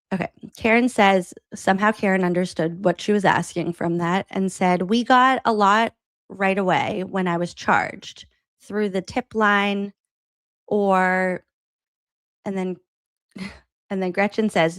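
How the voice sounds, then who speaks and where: A woman's voice: medium pitch, measured pace, no echo. A woman podcast host reading an interview transcript aloud and adding wry asides between the quotes.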